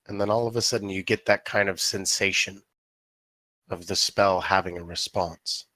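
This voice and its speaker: A man narrating as dungeon master, telling the story in a slow, drawn-out way. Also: low voice, steady tone, pushed and bright, dry recording. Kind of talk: narrating a tabletop game.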